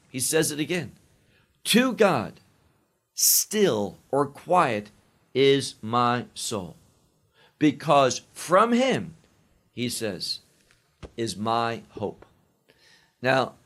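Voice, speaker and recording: A man preaching a sermon, teaching slowly through a psalm and dwelling emphatically on each quoted verse. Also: a little high, gravelly.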